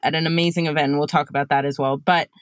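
A woman hosts a casual podcast interview in a fairly low voice. She sounds upbeat and welcoming. The recording is dry, with no room sound. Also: fairly even intonation, very fast, no echo. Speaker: podcast host.

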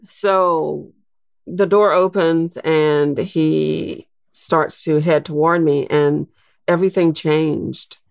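An older woman in her sixties speaks as a guest, telling a personal story in a reflective, unhurried way. Her voice is strongly gravelly and her pace is very slow. The recording is dry and close, with no room sound. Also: on the low side, no room sound. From Louisiana, United States. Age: 60s. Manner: reflective, unhurried, with soft laughs and restarts.

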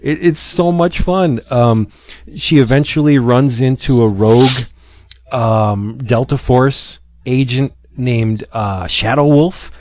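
A man's voice: medium pitch, slow. A man casually chatting as a podcast host, retelling a comic with many fillers and acting out its lines. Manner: animated storyteller, acts out lines with many fillers. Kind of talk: casual chat.

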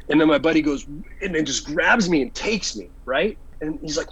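A man's voice: fairly high pitch, fast talker, muffled recording, crowd noise. A man guest telling a casual anecdote, acting out the dialogue. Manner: animated storyteller, acts out dialogue.

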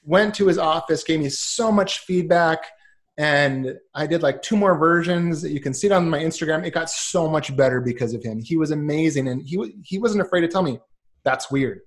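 A man's voice: fairly high pitch, moderate pace. A man in his thirties chatting as a podcast guest, telling stories with lots of ums and acting out what others said. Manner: animated, acts out quoted voices, many ums. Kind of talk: casual storytelling chat.

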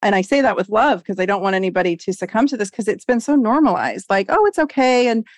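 A woman in her forties, a doctor guest on a podcast interview, talking in an animated, emphatic way. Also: mid-range voice, fast talker, no echo, clean studio sound. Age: 40s.

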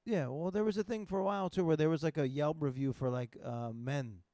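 A man's voice: on the high side, fairly quick, warm tone, no room sound. A man hosting a podcast in casual chat, teasing and crude, often stumbling over his words and restarting, on a close studio mic. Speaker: podcast host. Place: studio room, in person.

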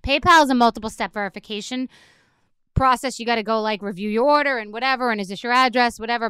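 Ranting solo for comic effect, the middle-aged woman on her podcast is sarcastic and exasperated, swearing plenty. Her mid-range voice is bright, forceful and smooth, with clean studio sound and no echo.

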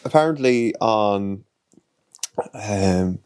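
A man's voice: on the low side, expressive, very slow, a little mellow, clean tone. A man co-hosting a podcast, reading out fun facts and joking along in casual chat. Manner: reads facts then jokes along. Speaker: podcast co-host.

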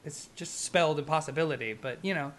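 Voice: mid-range voice, fast talker, a bit bright. Theatrical poem reader, teasing in chat. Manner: theatrical recital with stumbles, then teasing and emphatic. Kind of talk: reading a poem aloud, then casual chat.

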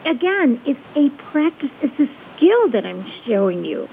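Woman guest, high-ish voice, calm teacher, tinny phone line with hiss. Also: gravelly. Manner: calm, measured, checks in with "okay?". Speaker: guest expert on conflict resolution. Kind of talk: explaining a technique step by step.

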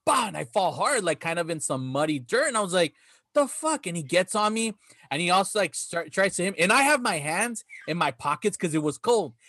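A man's voice: high-pitched, lively intonation, a little fast, bright, forceful tone, dry recording, clean studio sound. A man hosting a podcast, telling stories in casual chat, laughing often and swearing freely. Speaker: podcast host.

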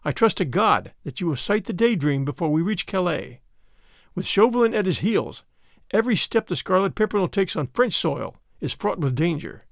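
A man voicing a loyal, earnest young gentleman speaking formally. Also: high voice, big pitch swings, normal speed, creaky, dry recording, studio quality, full character voice.

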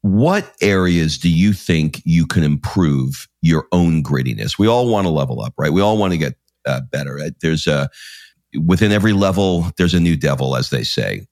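A man's voice: low-pitched, lively intonation, normal speed, darkish tone, dry recording, clean studio sound. A man hosting an interview, talking casually, swearing now and then and acting out imagined thoughts. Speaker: podcast host.

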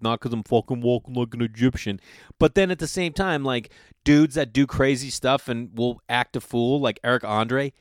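Profane comedian telling stories, dry sound. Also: male voice, medium pitch, fairly bright tone, clear, resonant tone, dry recording. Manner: loose, profane, acts out people he quotes. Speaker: comedian podcast host. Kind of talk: casual storytelling monologue.

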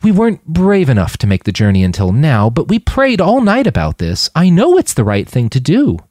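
A man's voice: fairly high pitch, wildly swooping pitch, normal speed, darkish tone, no room sound, studio quality, pitched above the performer's own voice. A man doing a stammering, nervous young man. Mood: earnest. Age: young adult. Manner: stammering, anxious.

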